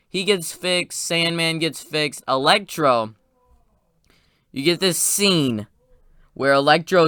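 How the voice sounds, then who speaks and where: A man recaps a film in a rambling, excited spoiler review, piling on asides as he goes. His voice is bright, smooth and crisp. It sounds close and dry, with no room around it. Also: on the high side, dry recording. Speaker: movie reviewer.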